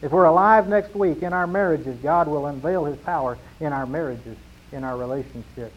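A middle-aged pastor from New preaches in a slightly raised voice. He drives his points home through repetition, swinging from loud declarations to hushed lines. The recording sounds muffled and lo-fi. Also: fairly high pitch, moderate pace. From New Mexico, USA. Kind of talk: sermon.

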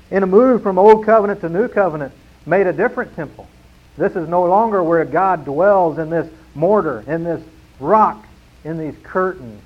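A male pastor delivers a sermon in a slightly husky voice, pitched a little above most men's. He presses hard on key words, then slows and sinks to a near hush to let a point land. The sound is dull and lo-fi. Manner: emphatic preaching, slowing and dropping to a hush at key phrases. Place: church sanctuary.

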